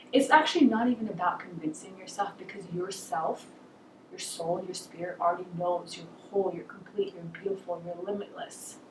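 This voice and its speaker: Female self-help vlogger, mid pitch, encouraging and earnest, distant mic in a roomy space. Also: darkish tone. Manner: earnest, encouraging, asks the listener questions. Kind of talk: motivational talk to camera. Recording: roomy echo, mic set far off, faint hiss.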